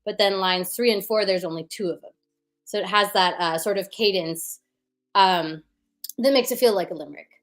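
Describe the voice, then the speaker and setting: A woman at medium pitch talks at a moderate pace. Appearing as a guest, she does puns and chats loosely about how she comes up with them, leaning on many fillers and rhythm sounds in her explanations.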